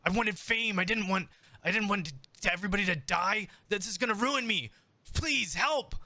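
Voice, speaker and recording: A man voicing a panicked, fame-hungry male showman who pleads in a high, rushed voice. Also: pushed and bright, full character voice.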